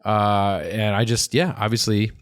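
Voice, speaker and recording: Low-voiced podcast co-host reminiscing. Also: male voice, flat delivery, unhurried, no room sound, studio quality. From Minneapolis, USA. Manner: enthusiastic fan reminiscing. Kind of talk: casual chat.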